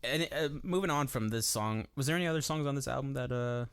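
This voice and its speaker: A man's voice: medium pitch, quick pace, fairly bright tone, clear, resonant tone. A man co-hosting a casual music podcast, laid-back, swearing freely and talking in loose, filler-heavy chat. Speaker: podcast co-host. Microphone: desk microphone.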